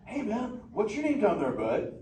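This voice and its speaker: Brief: a high, bouncy surfer-dude sea turtle with a lazy drawl; echoey theater, heard from a distance. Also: male voice, wildly swooping pitch, moderate pace, dark tone. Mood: playful. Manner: surfer slang, chill and playful. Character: laid-back surfer sea turtle, male, young. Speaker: live interactive show character. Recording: echoey theater recorded from far off.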